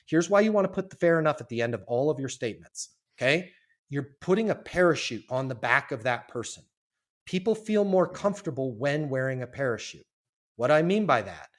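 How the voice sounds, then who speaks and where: A man's voice: medium pitch, sing-song, fairly quick. A man guesting on a business podcast, teaching sales in an emphatic, punchy way with casual swearing.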